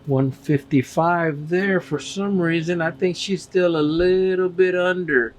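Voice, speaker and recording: Slow, easygoing man at the grill. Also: a little high. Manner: slow, relaxed and enthusiastic, addressing viewers as guys. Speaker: barbecue channel host. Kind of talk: casual cooking video talk to camera. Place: outdoors at a grill.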